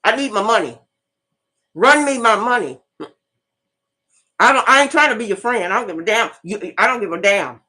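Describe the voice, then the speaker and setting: A woman's voice: mid-range voice, animated, normal speed, long pauses, pushed and bright, breathy edge. A middle-aged woman, hosting her own channel in a fiery, profane monologue that hammers points home by repeating them. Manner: fiery, preachy, profane, repeats herself for emphasis. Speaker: channel host. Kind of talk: impassioned monologue.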